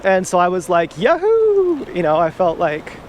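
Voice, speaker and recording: This vlogger's voice sits high with little pitch movement at a moderate pace as he walks around a town outdoors. He tells a personal story in a rambling, confessional way, swearing freely, while faint urban traffic hums in the background.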